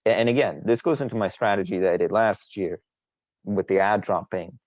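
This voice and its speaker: A man's voice: sits low, fairly quick, darkish tone, no room sound, muffled recording. A man co-hosting a casual sports podcast, boastful and teasing, rambling with frequent restarts. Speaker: podcast co-host.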